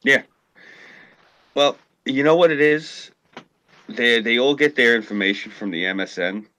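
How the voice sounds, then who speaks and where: A man's voice: mid-range voice, measured pace, pushed and bright. A man, a former journalist, ranting profanely and mocking people in a casual political chat. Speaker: podcast co-host, former journalist.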